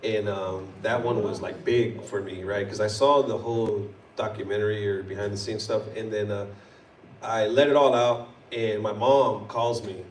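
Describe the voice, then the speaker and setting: A man's voice: fairly low pitch, normal speed, a little hiss or hum. A man on a convention panel telling stories casually, laughing and acting out quotes. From United States. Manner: animated, laughs often, acts out quotes. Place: convention hall. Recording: roomy hall, mic at a distance.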